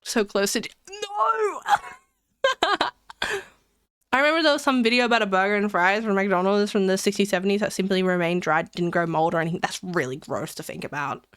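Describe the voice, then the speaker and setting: A woman's voice: medium pitch, steady tone, quick pace, few pauses, a bit bright, smooth, no echo, clean studio sound. A young woman streamer chatting casually with her chat, rambling and giggling between jokes.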